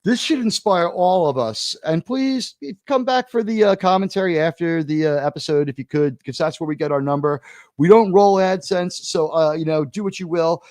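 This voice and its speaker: A man's voice: on the high side, normal speed, darkish tone, dry recording, clean studio sound. A man hosting a livestream watch party, ranting sarcastically with a lot of swearing as he comments on a trailer. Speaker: show host.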